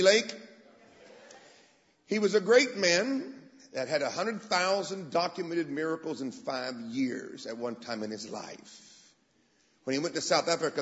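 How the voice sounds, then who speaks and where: A man preaching, telling stories and acting out the people he quotes. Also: mid-range voice. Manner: animated, acts out quoted voices. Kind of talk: sermon storytelling. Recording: dull sound with long hall reverb.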